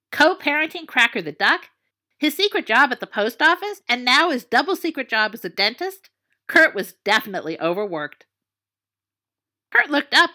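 A woman narrates a storybook in a playful, expressive reading. Her voice is bright and fairly high, and it rises and falls a great deal.

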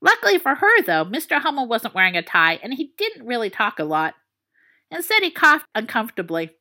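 Woman, story narrator, playful expressive reading, bright tone, lively pitch. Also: brisk.

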